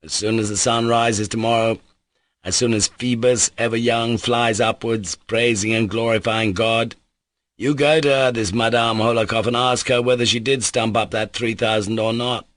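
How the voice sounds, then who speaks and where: Mitya, a man voicing a reckless, excitable nobleman. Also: medium pitch, normal speed, no echo, pitched above the performer's own voice, lightly acted. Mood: exuberant. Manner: loud, exclamatory, laughing. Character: reckless, excitable young nobleman on a drunken spree. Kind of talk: audiobook character reading.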